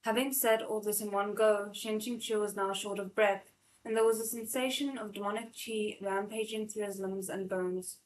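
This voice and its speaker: A woman's voice: medium pitch, steady tone, normal speed, low-quality recording. A woman hosting a live read-along of a novel, narrating steadily with frequent small slips and restarts. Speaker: channel host and reader.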